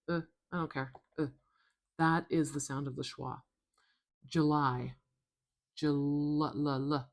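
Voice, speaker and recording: A woman teaching phonetics in a slow, soft tutorial, patiently repeating each sound. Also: sits low.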